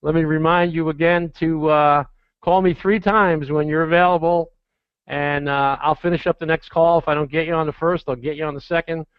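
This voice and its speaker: A man's voice: a little high, steady tone, moderate pace, clear, resonant tone, dry recording. Man, webinar host and CEO, gushing and effusive, resonant, slightly muffled. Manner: effusive, gushing praise, run-on sentences. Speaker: company CEO hosting a webinar. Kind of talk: enthusiastic webinar hosting. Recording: somewhat dull, dry webinar audio.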